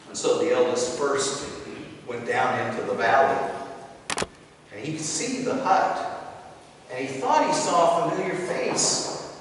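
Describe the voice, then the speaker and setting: Preacher man storytelling slow in a church, really echoey, sounds far from the mic. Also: mid-range voice, lively intonation, fairly bright tone, slight background noise. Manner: dramatic storytelling. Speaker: pastor. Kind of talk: sermon storytelling. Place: church sanctuary.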